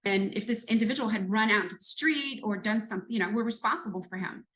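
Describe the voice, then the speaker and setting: A woman's voice: mid-range voice, fast talker, a bit bright, low-quality recording. Earnest woman recounting a story. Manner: earnest, reflective, builds a story step by step. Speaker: retired police lieutenant, guest. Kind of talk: conversational storytelling in a podcast interview.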